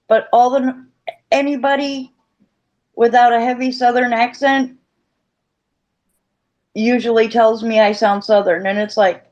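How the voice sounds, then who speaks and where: A woman's voice: a little high, a little mellow. Chatty woman on muffled lo-fi audio. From grew up in the Virgin Islands, Florida and New Mexico. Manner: chatty, rambling with restarts. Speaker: participant in an online audio space. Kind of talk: casual chat.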